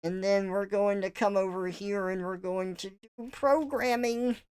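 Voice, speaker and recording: A woman's voice: medium pitch, steady tone, a little slow, a little mellow, smooth, natural voice. A woman putting on the voice of an overexcited, cheery female tutorial presenter, gushing and sing-song.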